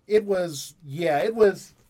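A man's voice: high voice, slow, mellow. A man hosting a casual movie review chat, joking and swearing while he reads from the box. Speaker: podcast host.

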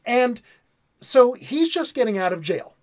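A man in a casual movie review chat, walking through the plot with heavy swearing and quick acted-out quotes. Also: very high voice, very animated. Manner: profane storyteller who acts out characters' lines.

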